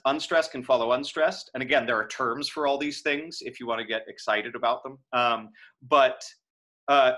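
A man giving a casual lecture on verse to acting students, often saying "um" and "right?" and tapping out lines in a steady, metronome-like rhythm. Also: mid-range voice. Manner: profane aside. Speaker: acting teacher.

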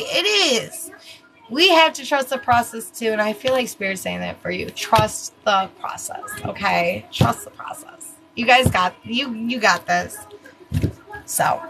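A woman's voice: a little high, bright, forceful tone, poor audio. A woman giving casual live tarot readings, talking bluntly and chattily, swearing freely and laughing at herself. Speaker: tarot reader.

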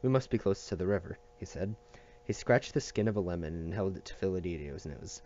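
A man reading a novel aloud at a steady pace, with small restarts and slips. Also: deep voice, fairly quick, muffled recording, a little hiss or hum. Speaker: audiobook reader.

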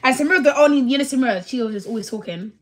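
A woman, hosting a livestream and telling stories in a casual chat, laughing often and quoting friends in animated bursts. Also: high voice, very fast. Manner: laughs often, animated retelling with quoted voices. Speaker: livestream host.

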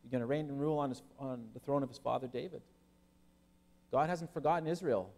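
A man preaching a sermon as pastor, animated and lively, with humorous asides to his listeners. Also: mid-range voice, brisk. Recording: long hall reverb.

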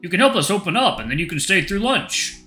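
A man voicing an easygoing adult male animal who runs a café and talks in a relaxed, reassuring way in a visual novel. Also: high voice, fast, echoey room, soft background music, voice pushed up, full character voice.

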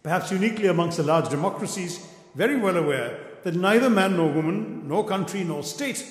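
A man's voice: sits high, expressive, a little fast. A middle-aged man with an Indian English accent giving an eloquent, wry public lecture, telling an anecdote to an auditorium audience. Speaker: guest lecturer. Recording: echoey auditorium with long reverb.

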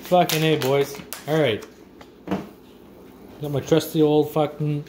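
A man's voice: on the high side, steady tone, measured pace, pauses often, a little mellow. A man, casually reviewing food in a vlog with crude, profane, rowdy banter. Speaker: vlogger. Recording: faint background noise.

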